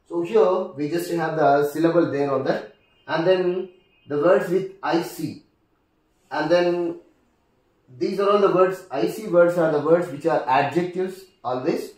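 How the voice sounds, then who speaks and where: A man with an Indian English accent teaching a lesson on word stress, speaking deliberately and repeating each example word. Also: a little high, a little mellow. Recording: echoey room, distant mic.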